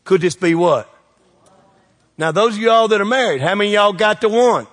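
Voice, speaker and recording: A man's voice: high-pitched, in a large hall. A man preaching a sermon as pastor, joking with the congregation and throwing questions back at them. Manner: preachy and joking, quick shifts in loudness, call-and-response questions.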